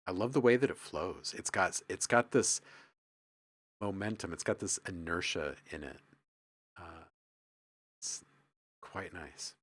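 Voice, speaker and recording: A music producer runs a livestream in a low voice, talking a little slowly with long pauses. The audio is studio quality with no echo. He stays relaxed and enthusiastic, thinking aloud while he works and reading the chat out loud.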